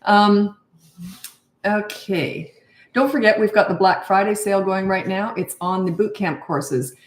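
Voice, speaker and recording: A woman's voice: mid-range voice, measured pace, roomy sound. An older woman, a parenting coach, chatting casually on a livestream and greeting viewers by name as she reads their comments. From Canada.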